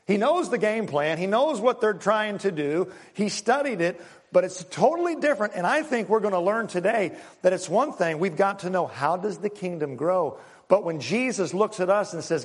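A man, a pastor preaching a sermon in an animated, conversational way, acting out little scenes for the congregation. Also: high-pitched, moderate pace, big-room sound.

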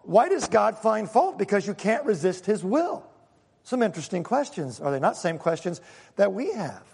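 A man's voice: sits high, very animated, moderate pace, vocal fry, darkish tone, slightly rough, long reverb tail. A male pastor preaching a sermon, emphatic and fond of rhetorical questions to his congregation.

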